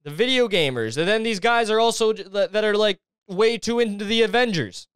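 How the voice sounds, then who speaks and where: A man's voice: high-pitched, a little fast, fairly bright tone, clear, resonant tone, no echo, studio quality. Sarcastic young man ranting. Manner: exasperated, sarcastic, profane. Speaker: podcast host. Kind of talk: comedic rant.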